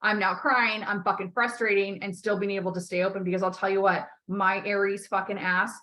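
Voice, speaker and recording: Bright, emphatic woman coaching bluntly. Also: mid-range voice, flat delivery, a little fast. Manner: blunt, emphatic, swears often; encouraging, repeats key phrases. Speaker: life coach. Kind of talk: coaching call.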